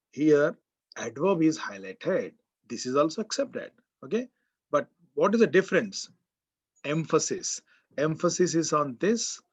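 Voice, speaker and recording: With a slightly breathy, higher-pitched voice, a man with an Indian English accent lectures a college class on grammar. He repeats key words and quizzes the students, and the recording sounds dull and muffled, lo-fi.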